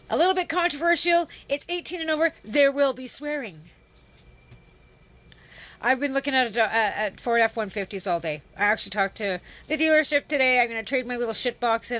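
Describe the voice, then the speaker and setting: A woman's voice: sits high, fairly bright tone. A woman hosting a livestream, ranting sarcastically with heavy swearing and greeting her viewers. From Canada. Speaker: livestream host. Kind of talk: casual ranting livestream chat.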